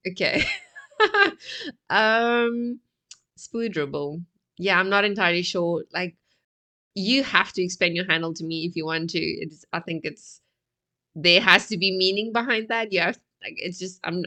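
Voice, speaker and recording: Bright-voiced woman hosting a reaction video. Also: medium pitch. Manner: chatty, laughing, trips over words. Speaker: music reaction host. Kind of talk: casual chat to camera.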